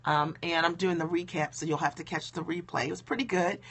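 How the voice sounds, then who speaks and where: A woman's voice: on the low side, fairly even intonation, brisk, fairly bright tone, husky. Emphatic woman coaching on a live stream. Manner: emphatic, conversational, full of "okay?" and "right?". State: low-key because it is late. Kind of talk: motivational live stream talk.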